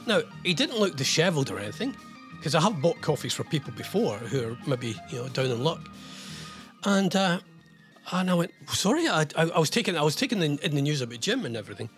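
A man's voice: on the high side, big pitch swings, fast talker, faint music behind. An older man hosting a radio show, telling a rambling, self-mocking story in casual chat.

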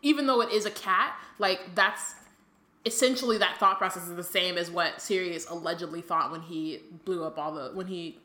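Bright-voiced woman co-hosting, roomy sound. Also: lowish voice, normal speed. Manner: laughs often, reads book passages aloud. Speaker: podcast co-host. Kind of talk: casual book discussion chat.

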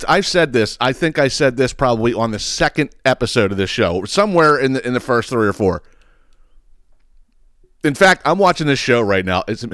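In this clean studio recording with no room sound, a podcast host delivers a ranting solo monologue. His voice sits lowish and a bit bright, and he swears heavily while doing sarcastic impressions that mock others.

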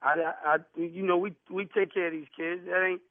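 A defensive, confrontational man who argues in heavy slang over a phone call. His voice is high, and it comes through a tinny, phone-like line that sounds completely dry. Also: steady tone, brisk, dry recording. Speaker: caller. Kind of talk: heated phone argument.

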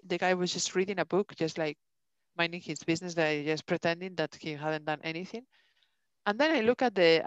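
A woman co-hosting a podcast, telling a story in a casual, animated way, swearing and acting out what people said. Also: lowish voice, smooth, no echo. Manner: animated, swears a lot, acts out dialogue. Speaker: podcast co-host. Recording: dull lo-fi dry sound.

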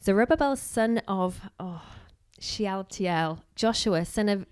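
A woman's voice: medium pitch, lively intonation, slow pace, darkish tone, clean tone. A woman giving a casual, chatty sermon, acting out quotes and dropping in asides. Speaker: preacher.

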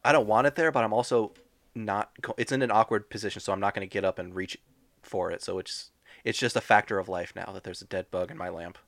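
A man co-hosting a podcast in casual chat, with a deadpan, dryly teasing delivery. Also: on the low side, quick pace, no room sound. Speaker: podcast co-host.

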